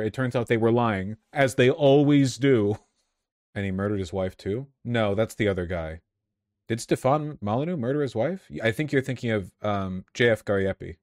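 A man's voice: medium pitch, moderate pace, a little mellow, no room sound, studio quality. A man giving casual political commentary in a sardonic, profane manner, with laughing asides.

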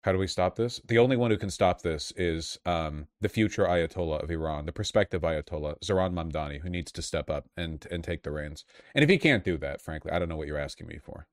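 A man's voice: deep voice, fairly quick, dry recording, studio quality. A man giving casual reaction commentary on clips as a political commentator, profane and heated in his outbursts.

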